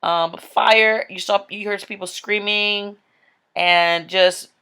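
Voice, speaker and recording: A woman's voice: mid-range voice, fairly even intonation, takes it slowly, sharp tone, clear, resonant tone. A woman giving a casual, rambling spoken testimony about a vision, full of "like" and "um". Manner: chatty, rambling, with frequent "like" and "um". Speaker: Christian speaker telling a vision.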